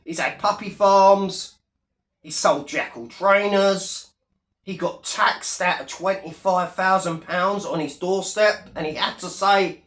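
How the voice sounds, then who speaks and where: A man's voice: high voice, slow pace, a bit bright, reverberant. A man in his thirties ranting on his vlog, sneering and swearing at a rival. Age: 30s. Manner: sneering, profane, taunting. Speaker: YouTuber.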